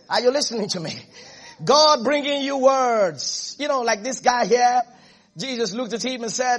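A man preaching a sermon in a strikingly high, husky voice. He is emphatic, repeats key phrases and keeps asking the congregation whether they are listening. His delivery swings between raised, driving stretches and quieter, intimate ones. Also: animated, moderate pace. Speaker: pastor.

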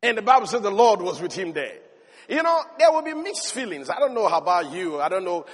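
A preacher with a very high voice delivers an emphatic sermon, climbing to shouts and punctuating with hallelujah. He sounds like he is in a church hall, with long reverb trailing his words. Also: sing-song, a little fast.

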